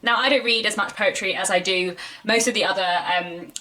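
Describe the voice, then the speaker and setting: A young woman, chatting to camera as a book vlogger, repeating words and filling pauses with "um" and "like". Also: mid-range voice, sharp tone, soft background music, rough recording. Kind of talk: casual chat to camera.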